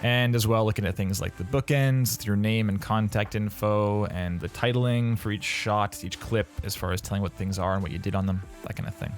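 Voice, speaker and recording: A man with a fairly low voice hosts a casual livestream, chatting in a loose, playful way. He rambles along with plenty of fillers and restarts. Faint music plays underneath. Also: fairly even intonation, normal speed, hardly any pauses. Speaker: livestream host reviewing game audio demo reels.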